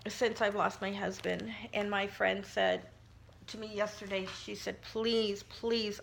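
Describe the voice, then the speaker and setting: A middle-aged woman speaks in a casual vlog while she works on a craft project. She tells her story in a heartfelt, emotional way, often restarting sentences. Her voice sits at an ordinary pitch for a woman. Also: a bit bright. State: tearful at times. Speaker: crafting vlogger.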